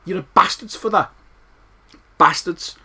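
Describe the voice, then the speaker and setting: A man's voice: sits high, unhurried, bright, forceful tone, breathy edge. Sweary Scouse man ranting about games. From Liverpool, England. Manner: sweary, rambling, repeats himself. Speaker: game reviewer. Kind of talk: ranting retro game review.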